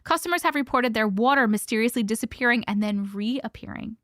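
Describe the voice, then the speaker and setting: A woman's voice: on the high side, expressive, no echo. Bubbly woman streamer, dry close mic. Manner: chatty, bubbly, reads stories with hushed dramatic pauses. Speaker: host reading viewer stories. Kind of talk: casual live-stream chat and story reading.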